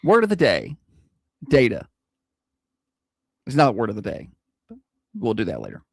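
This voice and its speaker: A man's voice: lowish voice, huge pitch swings, normal speed, vocal fry, breathy edge, no room sound. Male morning-radio co-host, laid-back banter, close dry mic. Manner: easygoing, chatty, plugs pledges.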